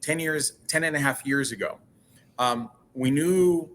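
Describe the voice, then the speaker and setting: A man's voice: fairly high pitch, measured pace, a bit bright, slight background noise. A man speaking as a guest in a casual interview, earnest and often repeating and restarting his words.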